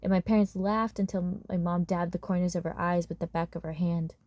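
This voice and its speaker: Lady reading a novel out loud, warm mellow voice, dry close mic. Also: on the low side, steady tone, fairly quick, no room sound. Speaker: audiobook reader. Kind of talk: storybook narration.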